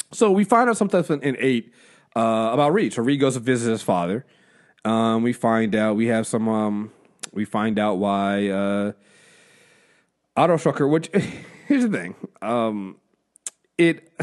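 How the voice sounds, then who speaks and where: A man hosting a podcast in casual chat, rambling, swearing freely and laughing often. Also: mid-range voice. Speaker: podcast host.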